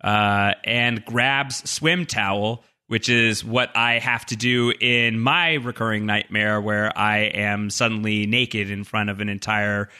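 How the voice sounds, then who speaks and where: Guy cohosting a podcast, reads listener emails, makes fun of himself, super bright voice. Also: fairly low pitch, steady tone, takes it slowly, hardly any pauses, clear, resonant tone. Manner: jokey, self-deprecating. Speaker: podcast co-host. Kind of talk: casual podcast chat reading listener mail.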